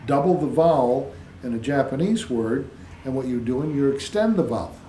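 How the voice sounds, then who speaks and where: A man's voice: mid-range voice, expressive, moderate pace, dark tone. A man being interviewed, explaining patiently like a teacher and spelling words out letter by letter. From United States. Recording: echoey room with faint background hiss.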